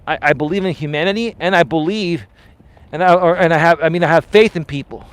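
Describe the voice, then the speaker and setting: A man's voice: on the high side, quick pace. A man coaching on a live stream while he walks outdoors, reading chat aloud and answering it in a passionate, emphatic, argumentative way. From Greek heritage. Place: outdoors on an urban street, walking.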